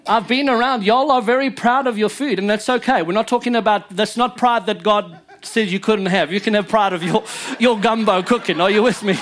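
Guy pastor preaching, real high voice, punchy and jokey with the crowd. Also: a little fast, hardly any pauses, a bit bright. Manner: emphatic, joking preacher. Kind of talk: sermon. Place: church.

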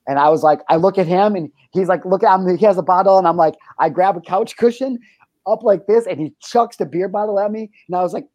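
A man's voice: sits high, fast talker, dry recording. Young guy hosting a talk show, swears a lot, rambly with lots of ums, dry close sound. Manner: profane, animated storytelling with frequent fillers. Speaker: host. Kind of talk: casual storytelling on a talk show.

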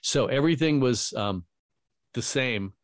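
A man's voice: medium pitch, lively intonation, measured pace, no room sound, clean studio sound. A middle-aged man, a radio host, telling rambling anecdotes full of quoted dialogue in a casual way. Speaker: radio host and voiceover talent. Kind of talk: casual storytelling.

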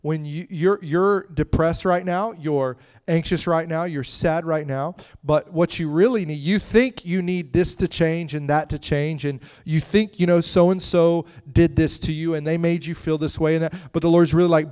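A man delivering a sermon in a loose, conversational way, talking straight to the listeners. His voice sits a little high for a man. He breaks into giggling, high-pitched laughter now and then. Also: steady tone, normal speed, few pauses, darkish tone, clear, resonant tone. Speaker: preacher.

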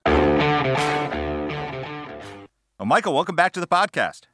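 A man's voice: fairly low pitch, lively intonation, a little fast, fairly bright tone, soft background music. A man co-hosting a political podcast, arguing his points emphatically with sarcasm. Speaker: podcast co-host.

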